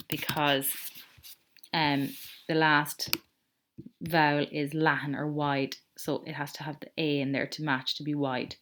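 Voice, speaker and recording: Irish woman teacher, low voice, patient step-by-step screen lesson, keyboard clicks behind. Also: background noise. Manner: patient, explains step by step with small self-corrections. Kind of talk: recorded screen-share lesson.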